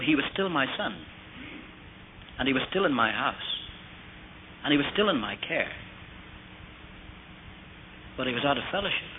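A middle-aged man preaching a sermon, telling a personal story and asking rhetorical questions. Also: mid-range voice. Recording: tinny phone-like old tape with faint hiss.

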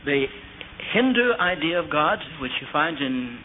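A man's voice: on the high side, very animated, measured pace. A middle-aged man preaching a sermon, telling a personal story and asking rhetorical questions. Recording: tinny phone-like old tape with faint hiss.

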